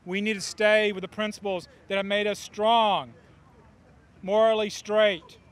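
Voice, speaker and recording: A middle-aged man with a high-pitched voice gives an earnest, emphatic prepared speech. He stresses key words as he addresses a press conference outdoors. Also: little pitch movement, a little slow, clear, resonant tone. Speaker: scout volunteer.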